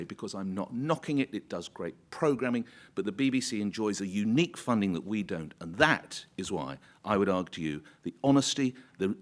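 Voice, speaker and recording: Male talk radio host, low and very animated, conference storyteller. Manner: animated storyteller, acts out quoted voices. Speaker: commercial talk radio presenter. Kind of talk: conference panel speech with anecdotes. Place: conference hall.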